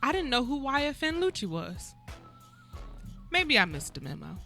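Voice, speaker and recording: A woman's voice: sits high, sing-song, normal speed, gravelly, pushed and bright, soft background music. A woman co-hosting a talk show, incredulous and sarcastic, firing off rhetorical questions. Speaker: guest co-host. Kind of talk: casual talk show chat.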